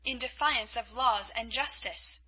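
A woman's voice: fairly high pitch, unhurried, bright, forceful tone, breathy edge, exaggerated voice. A woman reading the part of a brave, indignant young woman held captive, speaking directly.

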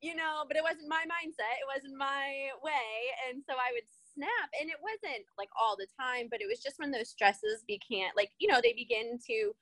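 A woman with a slightly high voice telling stories with animation and frequent laughter. She is recorded close and dry, with no room around her. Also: normal speed, hardly any pauses, no room sound. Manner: animated storyteller, laughs often. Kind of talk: casual conversation.

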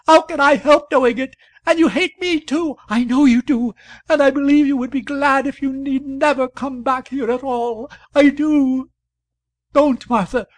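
A woman's voice: slightly rough, dry recording. A man voicing a stout, hysterical middle-aged wife who sobs and scolds in an old novel reading. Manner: shrill, tearful, aggrieved. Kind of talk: audiobook character voice.

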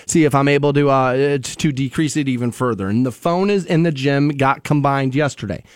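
A man's voice: mid-range voice, moderate pace, dry recording, clean studio sound. A male radio show host telling a long personal story in casual morning talk, rambling with fillers and restarts. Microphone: studio microphone.

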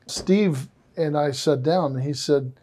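Enthusiastic man with a warm, higher voice. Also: slow. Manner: enthusiastic, animated storyteller. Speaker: interviewer. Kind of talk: casual conversation.

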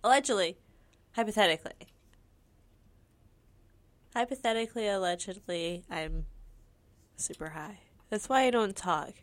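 A woman's voice: medium pitch, normal speed, pauses often. A young woman co-hosting a podcast in casual chat, rambling with lots of fillers and giggling. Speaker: podcast co-host.

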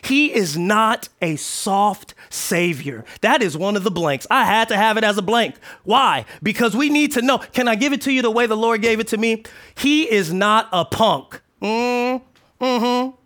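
High-pitched guy preaching a sermon, playful and animated, goes quiet then loud. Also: normal speed. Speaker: pastor.

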